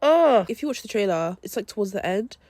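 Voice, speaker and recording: A young woman hosting a podcast, reviewing a film in a casual, animated way full of slang and swearing. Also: mid-range voice, brisk, no room sound. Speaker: podcast host.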